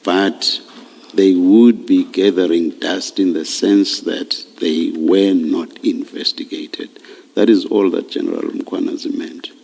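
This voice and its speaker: A man chairing a commission hearing, questioning a witness slowly and deliberately, often repeating words. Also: sits low, fairly even intonation, vocal fry, a little mellow. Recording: long reverb of a large hearing room.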